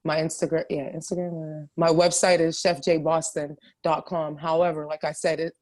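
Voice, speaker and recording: Lower-voiced woman chatting animatedly. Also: normal speed. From Ohio, USA. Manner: animated, restarts often, emphatic. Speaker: podcast guest, chef. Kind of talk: casual interview chat.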